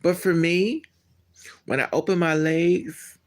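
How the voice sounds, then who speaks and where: A man hosting a casual live stream, answering his chat in a blunt, candid and animated way. He laughs often and trails off mid-thought. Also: a little high, takes it slowly.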